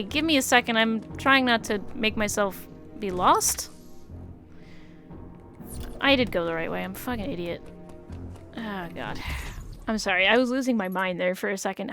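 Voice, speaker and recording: A young woman streaming a video game, chatting casually with her viewers, swearing at the game and greeting people loudly. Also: mid-range voice, moderate pace, creaky, faint music behind. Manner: chatty, swears, loud excited greetings to chat.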